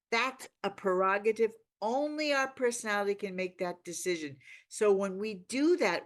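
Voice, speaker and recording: A woman leading a reading group, earnestly explaining a spiritual text in a reflective way. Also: mid-range voice. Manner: earnest, reflective, with warm laughs.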